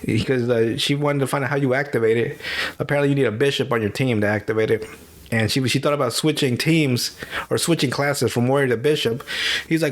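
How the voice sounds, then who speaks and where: A man's voice: medium pitch, fairly quick. A man hosting a podcast, telling a movie's plot in a loose, swearing, laughing way. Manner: profane, animated storytelling with laughs. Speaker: podcast host. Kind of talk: casual movie recap.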